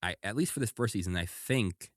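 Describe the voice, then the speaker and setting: Deep-voiced man co-hosting a podcast. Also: a little fast, dry recording, clean studio sound. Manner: animated, laughs often, acts out quoted lines. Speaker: podcast co-host. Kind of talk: casual chat.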